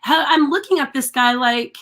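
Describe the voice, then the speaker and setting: A woman co-hosting a live talk show, telling animated stories in casual chat and laughing often. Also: high voice, normal speed. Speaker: radio show co-host.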